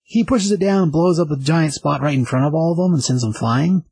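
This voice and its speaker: A man's voice: a little high, fairly quick, gravelly, a little mellow, breathy edge, rough recording. A man hosting a casual comic book review, retelling the story with enthusiasm and many fillers. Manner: rambling, enthusiastic summary with fillers.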